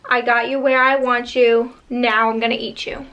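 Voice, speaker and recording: A woman voicing a menacing male boogeyman spirit with a burned face, speaking low and threatening. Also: flat delivery, normal speed, fairly bright tone, recorded from a distance, dull audio, close to an everyday voice.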